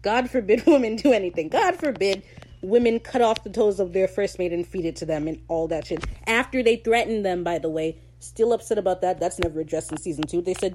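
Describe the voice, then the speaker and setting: A woman hosting a podcast, recapping a show in casual, sarcastic, animated rants full of slang. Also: medium pitch, brisk, slight background noise. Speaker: podcast host.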